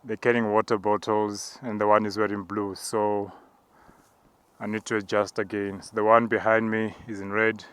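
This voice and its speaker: A low-voiced man narrates a spiritual walk as he climbs a mountain path outdoors. He talks calmly and in a measured way, and now and then breaks into tongues. His voice stays fairly level, with little rise and fall. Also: smooth. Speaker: apostle.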